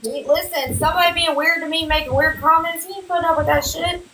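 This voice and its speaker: High-voiced blunt woman on a live chat. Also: fairly even intonation, fast, very noisy. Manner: blunt and emphatic, swears. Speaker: live stream chatter. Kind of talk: casual gossip chat.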